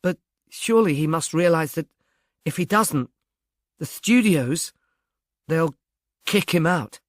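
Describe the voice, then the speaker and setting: A man's voice: fairly high pitch, lively intonation, slow, no echo, studio quality, pitched above the performer's own voice. A man putting on a witty poised young woman. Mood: wry, brisk. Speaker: reader.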